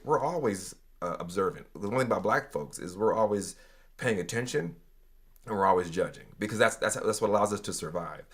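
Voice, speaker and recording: A man with a notably deep voice talks as a guest in a podcast conversation. He speaks thoughtfully and measuredly, stopping often with fillers as he works through ideas. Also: lively intonation, a little fast, husky. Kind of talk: conversational interview.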